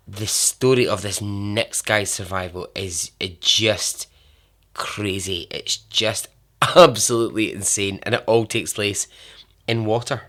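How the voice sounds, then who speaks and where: A man hosting a podcast, telling true survival stories in a casual way, repeating words for emphasis and letting phrases trail off softly. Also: lowish voice. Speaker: podcast host. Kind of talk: casual storytelling narration.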